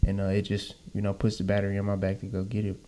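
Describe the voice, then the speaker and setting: A young man co-hosting a podcast with his wife in relaxed casual chat, laughing often. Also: fairly low pitch, fast talker. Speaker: podcast co-host.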